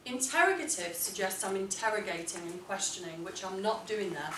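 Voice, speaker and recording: A woman's voice: medium pitch, expressive, far from the mic, background noise. Woman teaching in an echoey classroom. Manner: clear, deliberate, emphatic reading of model texts. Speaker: English teacher. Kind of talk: classroom writing lesson.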